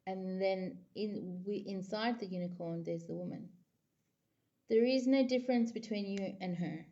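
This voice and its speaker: A woman's voice: mid-range voice, unhurried, dark tone, lo-fi sound. A woman, a psychic giving a casual tarot reading to camera in a rambling, chatty way full of filler phrases.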